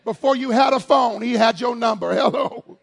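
A man preaching a sermon as pastor, leading call-and-response, shouting at peaks, then dropping to low asides and joking with the congregation. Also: normal speed, gravelly, breathy edge. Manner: playful, jokes with the congregation.

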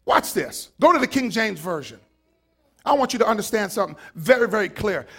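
A man preaching a sermon in a high voice. He drives his points home with fiery shouting, then drops to quieter asides. He keeps calling out to the congregation. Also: animated, fast, slightly rough. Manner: calls out to the congregation.

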